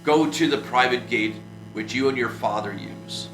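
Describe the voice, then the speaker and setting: A man's voice: mid-range voice, normal speed, close to an everyday voice. A man reading as a snarling foreign stranger. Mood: menacing. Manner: curt, snarling orders. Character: menacing foreign male stranger, about thirty, curt and threatening. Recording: roomy echo with music behind.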